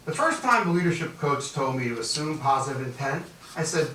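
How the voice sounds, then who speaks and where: A man from Newark, New Jersey, speaking as a keynote guest and acting out stories with a lively, swooping delivery. His voice is bright and sits fairly high. It rings out in a roomy hall, caught by a mic set some distance off. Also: fairly quick, a little hiss or hum. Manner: animated storyteller acting out dialogue. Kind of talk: motivational leadership keynote.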